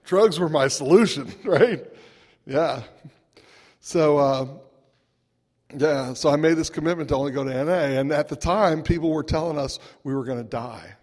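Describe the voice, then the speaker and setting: A man's voice: fairly high pitch, measured pace, pauses often, a little mellow. A man telling a humorous personal recovery story to a meeting, chuckling and asking "right?" as he goes. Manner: wry, chuckling, conversational with lots of "right?" asides. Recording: long echoing hall reverb.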